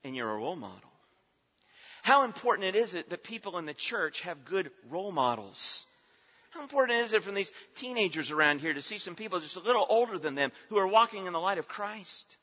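A man delivers a sermon with a high, ringing, bright voice. His phrases build through rhythmic repetition and then drop back. The sound is dull and lingers in a reverberant sanctuary. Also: big pitch swings, fairly quick. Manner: emphatic, rhythmic repetition with swelling and dropping delivery. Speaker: preacher. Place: church sanctuary.

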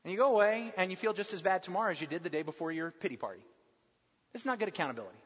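A pastor preaching a sermon in a conversational, humorous way that often slips into mimicking people. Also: male voice, high-pitched, expressive, rapid-fire, a bit bright, husky. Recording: dull sound with long hall reverb.

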